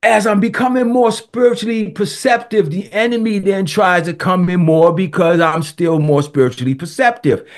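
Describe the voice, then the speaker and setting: A man in his sixties giving an emphatic devotional talk, repeating himself and addressing listeners directly. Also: high voice. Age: 60s. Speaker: preacher.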